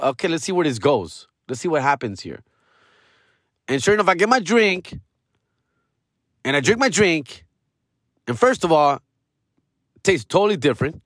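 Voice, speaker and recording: Animated, profane man ranting with a lively voice. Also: on the high side, no room sound, clean studio sound. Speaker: podcast host. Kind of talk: comedic storytelling rant.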